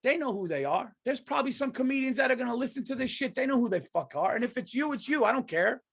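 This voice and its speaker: A man with a notably high speaking voice rants on his podcast. He is worked up and emphatic, swearing freely as he hammers his points home. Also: animated, quick pace, gravelly, a bit bright, slightly rough. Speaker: podcast host. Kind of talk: heated comedic rant.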